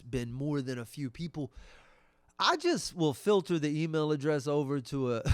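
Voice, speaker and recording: A man's voice: on the high side, dry recording. A middle-aged man and comedian hosting his own podcast, musing in a wry, conversational monologue. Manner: wry, conversational, trailing off and restarting.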